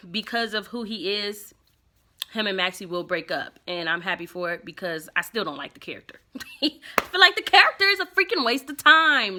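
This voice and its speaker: Woman, soap recap host, opinionated and animated, bright forward tone. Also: mid-range voice. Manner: chatty, opinionated, acts out characters' lines. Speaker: soap opera reviewer. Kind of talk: casual episode recap and commentary.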